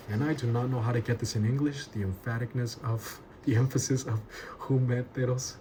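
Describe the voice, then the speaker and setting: A man's voice: mid-range voice, steady tone, a little fast, warm tone, low-quality recording. A man teaching an expository Bible lesson as a pastor, emphatic and repeating key words for stress. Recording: noticeable background ambience noise.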